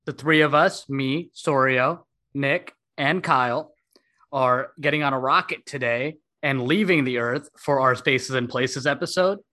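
A man's voice: medium pitch, measured pace, pushed and bright. Brief: a talkative male host for a casual podcast, self-mocking and upbeat. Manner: chatty, self-deprecating, laughs often.

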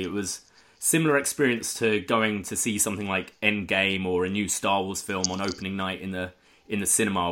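A man hosting a casual podcast, telling stories with energy. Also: low voice. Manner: energetic storyteller, lively. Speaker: podcast host.

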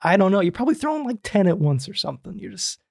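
Gravelly, husky podcast co-host. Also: mid-range voice, very animated, fast talker, darkish tone, no echo, clean studio sound. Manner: joking, quizzes the other host. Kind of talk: casual chat.

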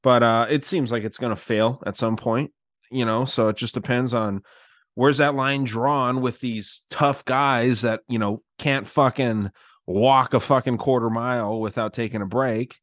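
A man's voice: mid-range voice, fairly even intonation, unhurried, a bit bright, no room sound. Male podcast co-host, mid-range voice, dry close sound, crude blunt rants. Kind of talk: casual podcast chat.

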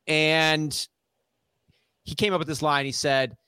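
A man's voice: a little high, little pitch movement, slow, sharp tone, smooth, dry recording. A man, co-hosting a podcast, tells a story in casual chat, acting out the quotes and laughing often. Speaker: podcast co-host.

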